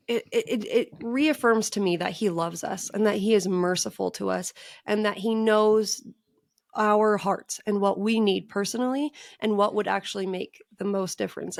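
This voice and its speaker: A woman's voice: medium pitch, creaky, no room sound, clean studio sound. A woman hosting a faith podcast, asking questions and responding with effusive enthusiasm. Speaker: podcast host.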